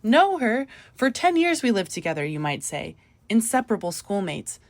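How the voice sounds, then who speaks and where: A woman's voice: mid-range voice, animated, fairly quick, pitched above the performer's own voice. A woman reading the part of an astonished woman visitor, speaking up in raised exclamations. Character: astonished woman visitor, old school friend.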